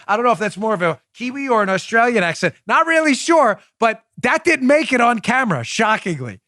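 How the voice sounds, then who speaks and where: High-pitched emphatic male podcast host. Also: sing-song, fairly quick, few pauses, bright, forceful tone, dry recording, studio quality. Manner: emphatic, sarcastic, puts on voices for others. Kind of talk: animated political commentary.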